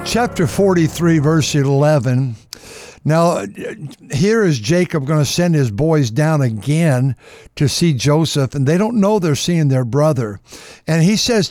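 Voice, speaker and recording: A man's voice: on the high side, animated, a little slow, darkish tone, no room sound, studio quality. A man preaching a sermon, fervent, repeating and restarting phrases for emphasis.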